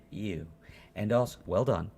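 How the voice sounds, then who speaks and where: A man co-hosting a podcast, chatting casually in a dry, deadpan way with halting fillers. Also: on the low side, slightly rough. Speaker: podcast co-host. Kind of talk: casual chat.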